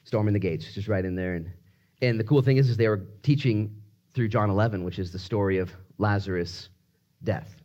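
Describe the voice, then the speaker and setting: A man preaching a sermon in an animated, conversational way, swinging between loud emphasis and hushed moments. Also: lowish voice, fairly quick, lo-fi sound. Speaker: pastor.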